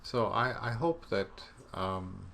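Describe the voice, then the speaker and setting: A man teaching programming in a relaxed screencast, thinking aloud as he debugs and joking about his own mistakes. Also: on the low side, slow pace, creaky, slight background noise. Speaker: programming instructor. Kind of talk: screencast coding tutorial.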